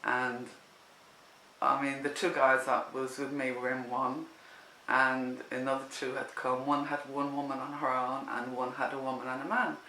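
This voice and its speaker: A woman telling a personal story in casual spoken style, animated and rambling with many restarts. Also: a bass voice, normal speed, slight background noise. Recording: echoey room.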